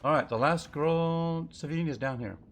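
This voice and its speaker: A man's voice: fairly high pitch, normal speed. A man streaming a game live, chatting and thinking aloud in a loose, rambling way as he plays. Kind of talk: live gameplay commentary.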